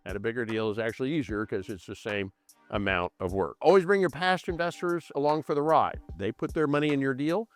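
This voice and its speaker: Man, lively pitch, emphatic explainer, rhetorical questions, faint music behind. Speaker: real estate investor teaching. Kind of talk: explanatory talk.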